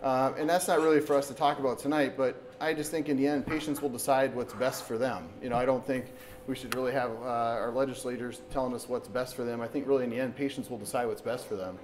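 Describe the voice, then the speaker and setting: Conversational surgeon giving a community talk. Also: male voice, medium pitch, steady tone, quick pace, darkish tone, a little hiss or hum, low-quality recording. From Wisconsin, US. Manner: conversational, with frequent restarts and "so basically". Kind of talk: informal public lecture. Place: meeting room with an audience. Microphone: camera recording in the room.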